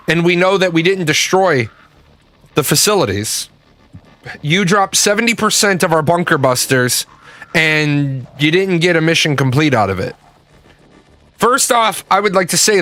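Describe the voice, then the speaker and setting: A man's voice: fairly high pitch, sharp tone. A man giving a blunt, profane political opinion rant in a casual, emphatic way. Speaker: political commentator.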